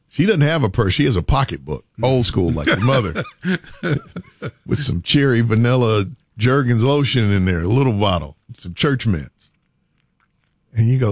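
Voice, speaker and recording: A man's voice: medium pitch, lively intonation, normal speed, no echo. Brief: male talk host, playful storytelling, dry voice. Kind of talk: casual talk show chat.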